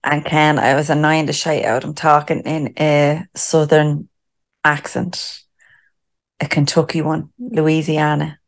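A woman's voice: low-pitched, little pitch movement, unhurried. A middle-aged woman co-hosting a podcast in casual chat, swearing freely and laughing often. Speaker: podcast co-host.

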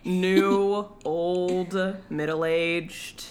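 A woman's voice: lowish voice, steady tone, extremely slow, darkish tone, slight background noise. A young adult woman co-hosting a podcast in casual, rambling, self-mocking chat. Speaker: podcast co-host.

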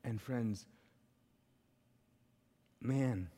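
A middle-aged male pastor telling a personal story in a sermon, lively and acting out the dialogue. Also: medium pitch, very slow. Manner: animated, acts out quoted dialogue. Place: church auditorium, live. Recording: long reverb of a large church hall.

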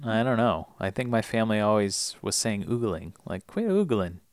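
A woman co-hosting a podcast, making slow, wry jokes in casual chat. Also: very deep voice, no echo. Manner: dry joking, slow and wry. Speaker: podcast co-host.

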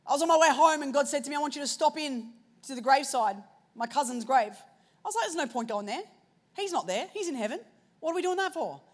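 A woman preacher telling a personal story in a sermon, shifting between hushed and loud moments. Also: high-pitched, expressive, fast.

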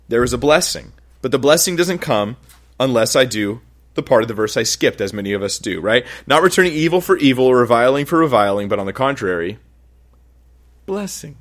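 A man preaching a sermon in a casual, conversational way, acting out little quoted asides and laughing now and then. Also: mid-range voice. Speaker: pastor.

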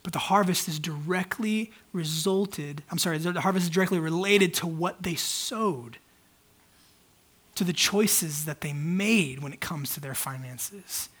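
Pastor, male, high voice, preaches in a loose, candid, conversational way. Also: measured pace, a bit bright, breathy edge. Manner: conversational, candid, many fillers. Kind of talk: casual sermon.

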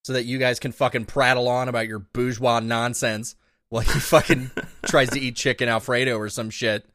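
A man co-hosts a podcast in loose banter. His mid-pitched voice sounds dry and close to the mic. He speaks sardonically and profanely, often mocking snobbery. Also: level tone, normal speed, fairly bright tone, no echo. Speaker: podcast co-host. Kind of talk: casual advice chat.

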